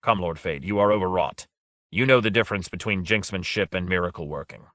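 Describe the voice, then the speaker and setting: Guy doing a cool unbothered wizard, blunt, kinda low voice. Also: brisk, a bit bright, no room sound. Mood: calm. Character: calm stolid male sorcerer, cold.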